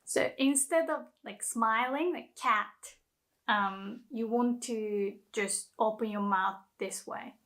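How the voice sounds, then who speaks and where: A woman teaching pronunciation, speaking slowly and carefully and demonstrating sounds for the listener to repeat. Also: fairly high pitch, a bit bright. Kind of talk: pronunciation lesson.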